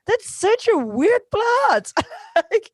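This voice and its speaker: A woman's voice: extremely high pitch, sing-song, slow, dry recording. A woman co-hosting a podcast, reviewing a TV episode in casual chat, laughing often and filling her talk with "like". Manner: chatty, laughs often, says "like" a lot. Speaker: podcast co-host.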